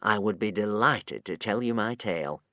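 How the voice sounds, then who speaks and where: A man voicing a charming, theatrical swindler in a storybook, lower and softer than his narration. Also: normal speed, no room sound. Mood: smarmy. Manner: slippery, oily charm. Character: smooth, sly male con man, charming and theatrical.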